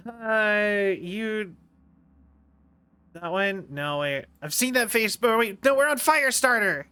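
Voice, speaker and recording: A man's voice: high-pitched, expressive, slow, bright, forceful tone, clear, resonant tone. A man streaming a video game, rambling and chatting with viewers and laughing a lot. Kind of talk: casual gameplay commentary.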